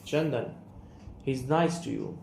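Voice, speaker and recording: A young man with an Indian English accent voicing a guarded, estranged son and writer, reading a play aloud in a measured, restrained way. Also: mid-range voice, gravelly, darkish tone. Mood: defensive. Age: young adult. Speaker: student reader. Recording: roomy room, faint hiss.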